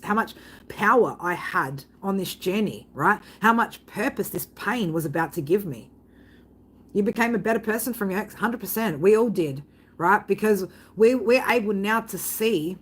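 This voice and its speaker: A woman hosts a live tarot reading stream, chatting casually with viewers in an expressive, husky, mid-range voice at normal speed, though the audio is poor. She swears constantly, often asks "right?", and breaks into loud laughter while reading chat comments.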